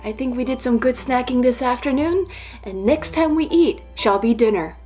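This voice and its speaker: A woman's voice: sits high, normal speed, a little mellow, faint music behind. A woman narrating her food vlog at home in a chatty, playful way. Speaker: food vlogger.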